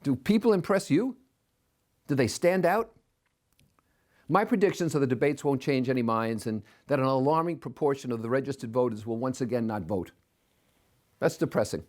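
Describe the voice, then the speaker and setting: A man's voice: mid-range voice, normal speed, long pauses, a little mellow. An older man with opinions, delivering a scornful commentary monologue as a podcast host, full of rhetorical questions.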